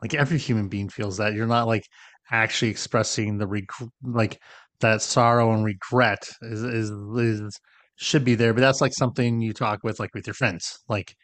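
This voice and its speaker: A man's voice: fairly low pitch, fairly even intonation, normal speed, fairly bright tone, no room sound. A man co-hosting a podcast, explaining ideas in casual conversation and often checking in with "right?". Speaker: podcast co-host.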